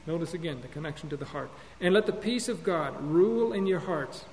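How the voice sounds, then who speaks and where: A man's voice: a little high, lively intonation, a little fast. A man teaching an earnest Bible lesson on counseling, sermon-style, often repeating and correcting himself as he goes. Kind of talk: classroom-style sermon lecture. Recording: long hall reverb with faint hum.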